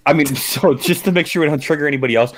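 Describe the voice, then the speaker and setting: A man co-hosting a podcast, making wry, deadpan asides in casual banter. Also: fairly high pitch, rapid-fire, a crowd in the background. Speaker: podcast co-host.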